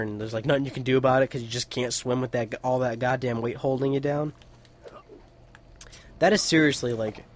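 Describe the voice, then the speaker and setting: A man's voice: medium pitch, a little hiss or hum. A young man giving casual let's play commentary, rambling and chatty and swearing freely. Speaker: gaming YouTuber.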